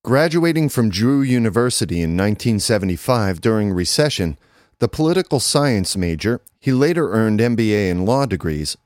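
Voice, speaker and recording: Low-voiced man reading a news feature. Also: no room sound, studio quality. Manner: measured, even newsreader delivery, reading quotes aloud. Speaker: narrator reading an article. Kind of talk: scripted read-aloud narration.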